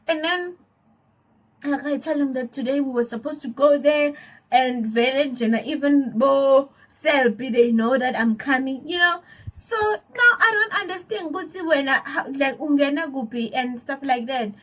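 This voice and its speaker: High-voiced South African woman telling a story. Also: moderate pace, low-quality recording. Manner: animated, laughing and emotional retelling. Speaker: YouTuber. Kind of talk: casual storytime vlog.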